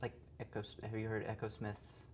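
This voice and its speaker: Easygoing male interview host. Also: lowish voice. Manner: relaxed, many fillers, quick bursts. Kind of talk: casual interview chat. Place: theater stage.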